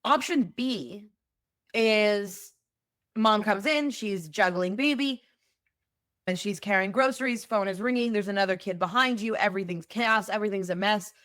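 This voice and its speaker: A woman's voice: medium pitch, moderate pace, a bit bright, dry recording, clean studio sound. A woman hosting a solo podcast, talking in a conversational, emphatic way and explaining with everyday examples. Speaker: podcast host.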